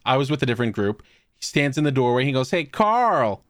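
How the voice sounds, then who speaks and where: A man's voice: mid-range voice, very animated, fairly quick, dry recording, clean studio sound. A man co-hosting a podcast, telling prank stories in a casual chat and swearing freely. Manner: storytelling, swears often, laughs at own pranks. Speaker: podcast co-host.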